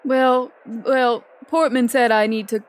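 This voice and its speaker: A woman playing a character in a tabletop game, soft and a bit hesitant. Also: a little high, steady tone, slow. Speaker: player. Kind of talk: tabletop role-play.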